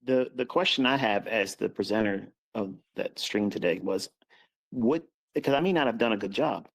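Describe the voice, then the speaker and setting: A man presenting in an online audio chat, asking for feedback in a measured, self-questioning way. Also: fairly low pitch, vocal fry, rough recording.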